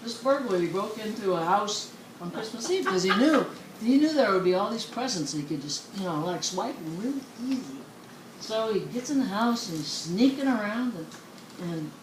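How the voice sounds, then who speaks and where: A woman telling jokes in a casual, animated way, often laughing as she goes. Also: medium pitch, normal speed. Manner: giggly, animated storyteller. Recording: echoey room with background noise.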